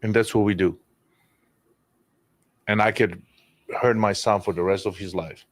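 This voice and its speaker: A man's voice: on the low side, fairly even intonation, a little slow, long pauses, dry recording. A man, telling emotional personal stories in a candid conversation, rambling and restarting, with swearing. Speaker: podcast guest.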